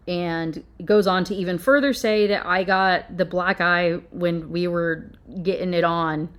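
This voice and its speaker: A woman reads a novel aloud and keeps interrupting herself with sarcastic, exasperated complaints. Her voice sits in a lowish register. Her delivery swings between plain narration and mocking commentary. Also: fairly even intonation, moderate pace, hardly any pauses, clean tone. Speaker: book reviewer.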